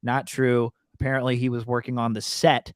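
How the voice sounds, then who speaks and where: A man co-hosting a podcast in casual chat, often halting and repeating words as he thinks. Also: medium pitch, flat delivery, clear, resonant tone. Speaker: podcast co-host.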